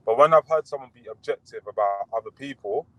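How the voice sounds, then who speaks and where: A man chatting as a boxer guest on a podcast, relaxed and full of fillers and restarts. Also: medium pitch, fast talker, dry recording, low-quality recording. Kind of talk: casual podcast interview.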